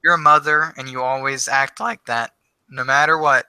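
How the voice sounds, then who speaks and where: A man chatting casually as a livestream co-host, telling stories in a relaxed way. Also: mid-range voice, moderate pace, smooth, no echo. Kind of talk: casual chat.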